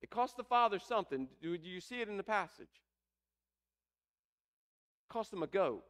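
A man's voice: high voice, animated, normal speed, a bit bright. A man preaching a sermon, explaining a scripture passage with rising emphasis. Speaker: pastor.

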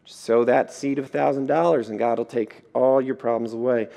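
A man preaching a sermon, telling stories in a lively way and acting out the voices in them. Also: mid-range voice, moderate pace, gravelly, hardly any pauses. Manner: lively storytelling, acts out voices. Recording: echoey hall.

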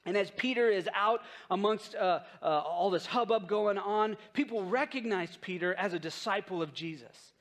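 Man, pastor, sermon, conversational storytelling, high voice. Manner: conversational storytelling preaching, acts out quotes.

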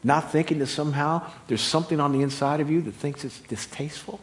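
A middle-aged man preaching a sermon, animated and humorous, swinging from loud high exclamations to quiet, low emphasis. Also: fast talker. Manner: humorous, laughing at own stories. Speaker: pastor.

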